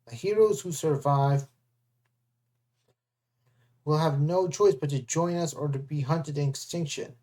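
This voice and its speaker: Luke, a reader doing a smooth, mocking young traitor. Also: medium pitch, unhurried, long pauses, mellow, lightly acted. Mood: persuasive. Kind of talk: storybook read-aloud.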